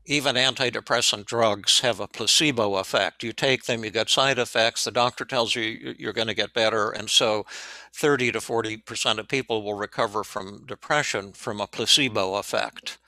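Bright-voiced older man telling a case story. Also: lowish voice, normal speed, no echo. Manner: animated storyteller, frequent restarts and repeated words. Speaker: psychiatrist guest. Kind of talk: storytelling in an interview.

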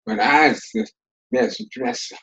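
A man's voice: fairly high pitch, huge pitch swings, takes it slowly, vocal fry, fairly bright tone, highs cut off, full character voice. A man voicing a vain, smug male wolf.

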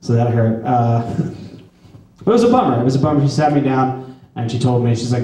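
A man in his thirties doing a deadpan, self-deprecating stand-up set. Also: mid-range voice, moderate pace. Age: 30s. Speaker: stand-up comedian. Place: back room of a skate shop, live audience. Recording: echoey room from far off, audience audible.

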